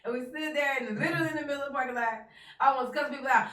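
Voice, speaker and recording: Bright, loud Texan woman host in an echoey room. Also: high voice, fast talker, recorded from a distance. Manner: loud, laughing storyteller, Southern Black vernacular. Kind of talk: casual chat.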